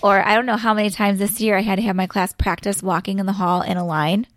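A woman's voice: medium pitch, flat delivery, fast talker, dry recording, clean studio sound. A woman, an elementary school teacher, explaining classroom routines step by step in casual chat, full of "so, like" fillers.

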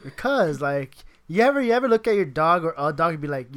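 A man's voice: a little high, big pitch swings, brisk, fairly bright tone, clear, resonant tone. A man chatting casually on a podcast, rambling and swearing freely, often laughing between his words. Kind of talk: casual chat.

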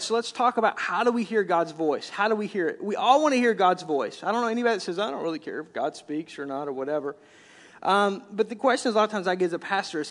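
A middle-aged man gives a sermon as a church's senior pastor. His voice sits high for a man. He talks in a loose, conversational way, often doubling his words as he quotes scripture. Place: church sanctuary.

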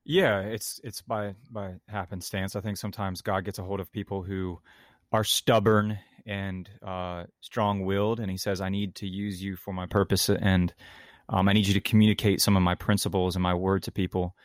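Low-voiced earnest pastor, dry sound. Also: male voice, little pitch movement, moderate pace, dry recording. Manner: earnest, reflective, with a dry humor. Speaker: pastor and podcast co-host. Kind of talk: casual podcast conversation.

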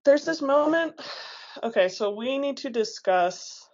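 A woman chatting casually about a book with a friend and reading passages aloud, animated and quick to laugh. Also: high voice, muffled recording. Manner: chatty and animated, laughs often, says "like" a lot.

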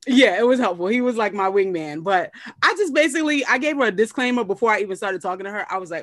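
A woman chats on a podcast as a comedy guest, animated as she tells a story. She jumps her pitch to act out each quote. The sound is close and dry, with no room around it. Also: fast, no room sound. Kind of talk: casual storytelling chat.

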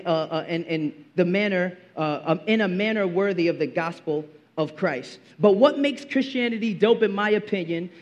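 A man's voice: high voice, highs cut off. A young man preaching a sermon in a casual, slangy way, now and then acting out a movie scene. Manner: casual slang, animated, acts out movie quotes. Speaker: pastor.

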